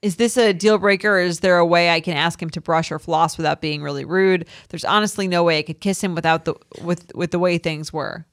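A woman's voice: lowish voice, brisk, few pauses, dry recording, clean studio sound. A woman co-hosting a casual dating podcast, chatting and reading out listener emails. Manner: chatty, laughs easily. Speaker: podcast co-host.

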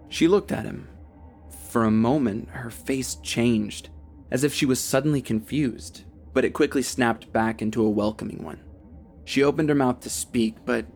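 A young man narrating a first-person horror story in a steady, tense telling. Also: medium pitch, creaky. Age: young adult.

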